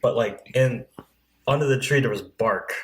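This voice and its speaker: A man telling a childhood story in casual podcast chat, lively and full of fillers. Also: mid-range voice, moderate pace, a little hiss or hum, rough recording. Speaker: podcast co-host.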